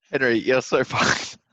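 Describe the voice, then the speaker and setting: A man's voice: medium pitch, bright, forceful tone, no room sound. A young man co-hosting a podcast, talking in a laid-back, casual way and steering the next segment. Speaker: podcast co-host. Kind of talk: casual chat. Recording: dry, dull lo-fi sound.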